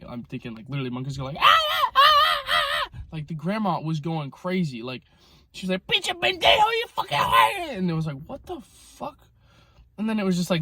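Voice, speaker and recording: A man's voice: fairly high pitch, no room sound. Rambling young man vlogging from his car. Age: young adult. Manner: rambling, filler-heavy, frequent "like" and "um". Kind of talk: casual rambling vlog storytelling.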